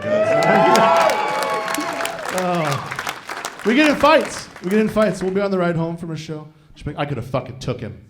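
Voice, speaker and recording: A man's voice: a little high, heavy background noise. A man from Iowa performing a stand-up comedy set live, talking conversationally, swearing freely, and often checking in with the crowd. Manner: profane, conversational, often asks the crowd "you know what I mean?". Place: live venue before a laughing audience. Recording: live show with audience laughter. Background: crowd laughter.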